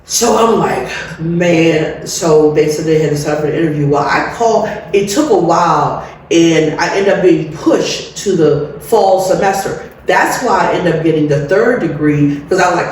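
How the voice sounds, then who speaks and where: A middle-aged woman telling her own story as an interview guest, candid and animated, laughing often. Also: low-pitched, normal speed. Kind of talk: personal storytelling. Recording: very echoey room, distant mic, faint noise.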